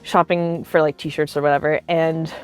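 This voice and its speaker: A woman in her thirties tells convention stories to her viewers, casual and animated, leaning on "like" between nearly every phrase. Her voice sits on the lower side for a woman, with soft music playing faintly underneath. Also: normal speed, clear, resonant tone. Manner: chatty, animated, heavy use of filler "like". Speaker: cosplay vlogger. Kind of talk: casual storytime.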